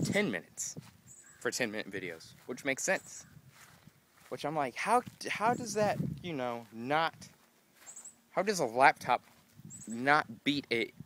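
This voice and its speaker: Out of breath from walking uphill, a young man vlogs casually outdoors, rambling in an exasperated way. His medium-pitched voice is bright and forward, and he acts out quotes of his own frustration.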